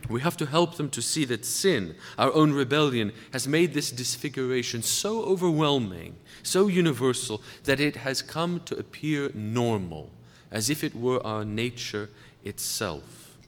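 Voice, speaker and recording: A man giving a sermon-style lecture to clergy, speaking deliberately and slowing down to stress key words. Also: medium pitch, lively intonation. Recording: long reverb of a large hall.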